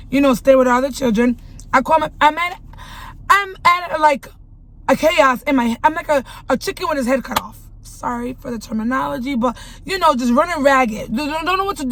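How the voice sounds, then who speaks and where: A woman's voice: high voice, fairly bright tone, rough recording. A young mother speaking earnestly and emotionally to her viewers in a personal vlog testimony. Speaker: vlogger and mother.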